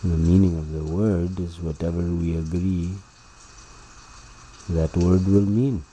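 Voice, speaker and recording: A man giving a slow, deliberate philosophical monologue, repeating words for emphasis. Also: low-pitched, steady tone, warm tone, slight background noise, low-quality recording.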